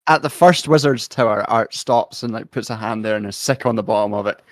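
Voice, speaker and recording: A man's voice: lowish voice, a little fast, no room sound, clean studio sound. A man playing a tabletop game, hesitantly describing his character's actions. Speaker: player.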